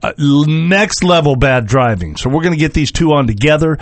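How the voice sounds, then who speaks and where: A man co-hosting morning radio with a high, bouncy voice that swings all over. He jokes around in playful, casual banter, and the studio sound is dry and close. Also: lively intonation, no room sound. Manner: jokey, playful, quick to laugh. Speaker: radio morning show co-host.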